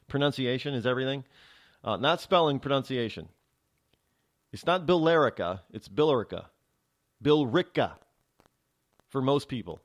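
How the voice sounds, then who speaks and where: A man hosting a talk show, delivering a rambling, sarcastic opinion monologue with many restarts. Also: medium pitch. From New England.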